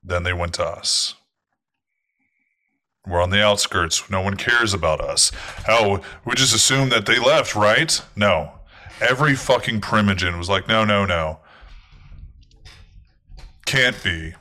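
A man's voice: fairly low pitch, a little slow, pauses often, pushed and bright. A man playing a foul-mouthed vampire clan leader woman. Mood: furious. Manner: profane, blunt, aggressive. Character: fierce, angry female vampire clan leader.

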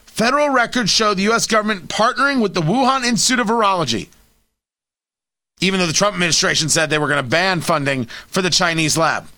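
A male talk host with a high, bright voice delivers opinionated political commentary. He swings his pitch widely and hammers his points through repetition. Sarcastic asides cut into his arguments. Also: lively intonation, quick pace.

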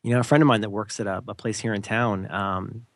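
A man co-hosting a podcast, talking in an animated, emphatic casual rant and slipping into mock voices. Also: on the low side, a little fast. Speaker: podcast co-host.

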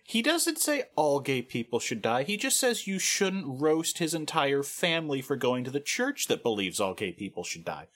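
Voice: mid-range voice, sing-song, moderate pace, few pauses, fairly bright tone. A podcast co-host in casual chat, telling band history with dry, sarcastic asides. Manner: dry sarcastic asides, laughs at own jokes.

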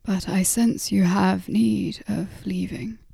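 A woman in a whispered role-play, voicing a gentle, weary middle-aged father who speaks slowly and kindly. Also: medium pitch, steady tone, gravelly, breathy edge, no echo, studio quality, heavily acted. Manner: slow, measured, kindly.

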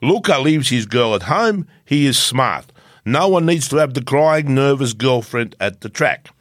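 A man's voice: medium pitch, lively intonation, a little slow, fairly bright tone, dry recording, clean studio sound. A man doing a comic impression of a scheming older Italian racing team boss, with a put-on Italian accent and broken English.

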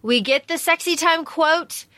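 With an extremely high-pitched voice and no echo in the recording, this podcast co-host chats loosely and theatrically about a book she's reviewing. She gets animated and readily airs what she can't stand.

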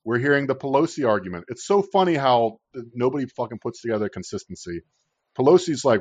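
A man's voice: mid-range voice, expressive, quick pace, a little mellow, no room sound. A man hosting a casual political chat podcast, ranting sarcastically and swearing freely. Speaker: podcast host. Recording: dull lo-fi dry recording.

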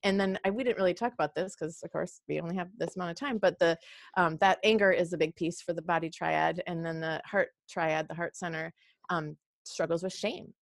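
Chatty woman with a gravelly voice. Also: fairly low pitch, fairly even intonation, brisk, dry recording, studio quality. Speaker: podcast guest. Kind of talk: casual conversation.

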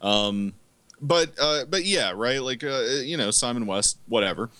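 A man chatting casually about movies on a podcast, rambling and cursing freely, filling pauses with ums and uhs. His voice is mid-pitched and recorded close and dry. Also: lively intonation, pushed and bright, dry recording. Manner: profane, rambling, lots of fillers. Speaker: podcast co-host. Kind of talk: casual movie review chat.

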